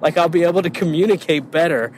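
A man's voice: fairly high pitch, quick pace, darkish tone, slight background noise. A man co-hosting a podcast in casual chat, joking crudely and laughing often. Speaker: podcast co-host.

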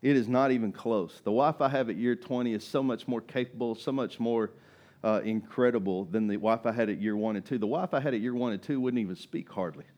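A middle-aged man preaching a sermon as pastor, conversational, often asking "right?" and swinging between loud and quiet. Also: mid-range voice, brisk, muffled recording. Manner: conversational, rising and falling in loudness, tag questions.

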